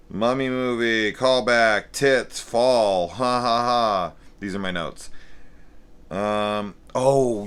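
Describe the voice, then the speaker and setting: A man's voice: low-pitched, a bit bright. A man in his forties, a film reviewer, ranting sarcastically and swearing freely, mocking scenes with exaggerated quoted voices. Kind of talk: profane, sarcastic rant review.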